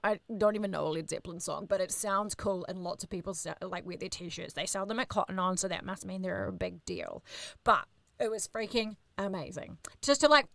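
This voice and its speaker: A woman in her thirties with a New Zealand accent, a radio host telling animated, sweary backstage stories in casual chat. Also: medium pitch, vocal fry, no echo. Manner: animated, swears, acts out others in quoted voices. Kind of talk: casual storytelling.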